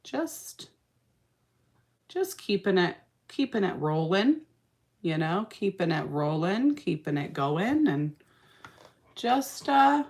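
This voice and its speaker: A woman's voice: on the low side, sing-song, slow pace, creaky, pauses often, darkish tone. A young adult woman hosting a casual makeup livestream, reading out comments, sounding tired, laughing often and trailing off into fillers.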